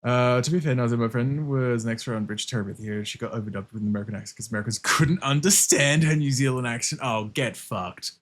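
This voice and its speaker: A man streaming a game and chatting casually, excitable, laughing a lot and swearing often. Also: medium pitch, quick pace, few pauses. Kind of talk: casual livestream chat while gaming.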